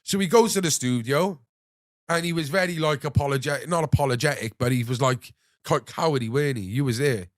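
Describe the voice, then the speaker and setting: A young man hosting a podcast, telling an animated story full of swearing and acting out what others said. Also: medium pitch, fairly quick, dry recording, clean studio sound. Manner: animated anecdote-telling, swears freely, acts out others' lines. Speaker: podcast host. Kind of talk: casual storytelling chat.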